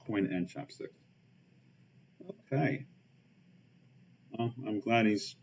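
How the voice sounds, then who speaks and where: A man streaming a card game, thinking aloud in casual commentary with lots of fillers and muttered asides. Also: deep voice. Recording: dull lo-fi stream audio with faint hiss.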